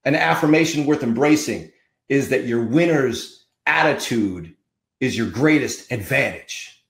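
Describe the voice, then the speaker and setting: A man's voice: mid-range voice, expressive, a little slow, a bit bright, roomy sound. A man hosting a podcast, giving an emphatic, fired-up motivational monologue with punchy repetition. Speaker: podcast host.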